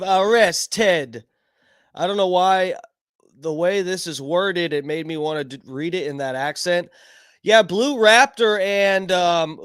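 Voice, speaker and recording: A man hosting his own live stream, rambling casually with plenty of swearing and shout-outs to chatters by name. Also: high-pitched, smooth, no echo, clean studio sound. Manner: rambling, profane, greets chat by name. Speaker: livestream host.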